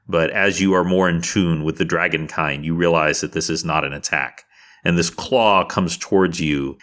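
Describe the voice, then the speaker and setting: A man's voice: deep voice, a bit bright. A man narrating as game master of a tabletop game, casual and chatty with asides.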